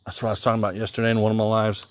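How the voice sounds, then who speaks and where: A man with a mild Southern accent talks in a low, easygoing voice and rambles casually while he fishes. He thinks aloud and answers viewers on a live stream outdoors. Crickets chirp faintly in the background. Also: level tone, racing. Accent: Southern American. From Southern Illinois. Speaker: livestreaming angler. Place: outdoors by the water.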